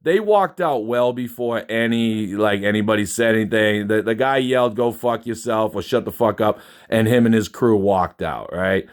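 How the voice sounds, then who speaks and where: A man's voice: on the low side, steady tone, moderate pace, hardly any pauses, clean tone. Man ranting emphatically, profane and dismissive. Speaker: concertgoer recounting a show. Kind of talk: casual spoken rant.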